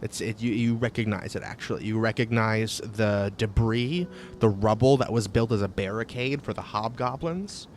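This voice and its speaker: A man narrating a tabletop game as game master, pausing often with fillers. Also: fairly low pitch, slight background noise. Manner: halting, with many fillers.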